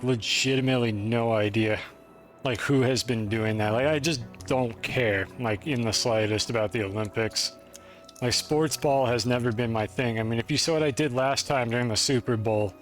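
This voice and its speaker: Guy streamer, rambles and puts himself down, faint music under him, mid pitch. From United States. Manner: rambling, self-deprecating, talks to chat. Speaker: game streamer. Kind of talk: casual live-stream chat while playing.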